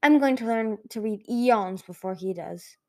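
A woman's voice: on the high side, a little slow. A woman voicing a bubbly, chatty young female dragon in a storybook reading, cheerful and teasing.

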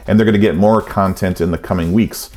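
Rambling low-voiced male podcast host. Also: steady tone, quick pace, a little mellow. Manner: rambling, frequent ums and uhs. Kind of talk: casual podcast monologue.

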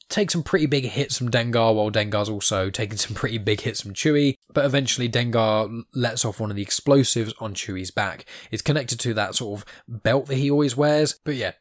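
A man's voice: fairly low pitch, dry recording, studio quality. A young man hosting a podcast, casually retelling a story in a rambling way with filler words. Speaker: podcast host. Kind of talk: casual comic recap.

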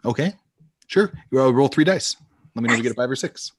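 A man narrating a tabletop game as game master, lively and full of sound effects. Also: mid-range voice, fast talker, a little hiss or hum.

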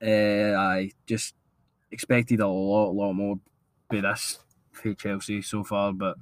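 Low-voiced man, measured. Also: little pitch movement, dry recording. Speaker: podcast co-host. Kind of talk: casual football chat.

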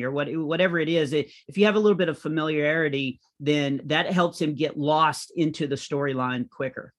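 Animated storytelling comedian, middle-aged man. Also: on the high side, fairly quick, hardly any pauses. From United States. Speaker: comedian and author guest. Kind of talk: conversational interview.

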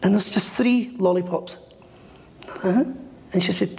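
A man's voice: high-pitched, unhurried, vocal fry. Middle-aged guy telling a story, does the voices, pretty echoey room. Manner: animated storyteller acting out quoted voices. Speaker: medium. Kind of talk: storytelling interview chat. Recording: echoey room with long reverb.

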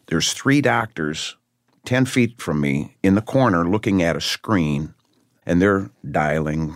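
An older man from Michigan, a guest musician, telling stories in an interview with animated, lively delivery. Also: low voice, no room sound, studio quality. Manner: animated storyteller, acts out voices in his anecdotes. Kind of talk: interview storytelling.

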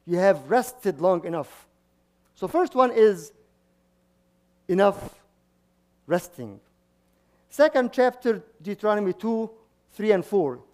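High-voiced priest preaching, halting restarts. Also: male voice, animated, a little mellow. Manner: frequent restarts and repeated words, chuckling asides. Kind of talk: sermon.

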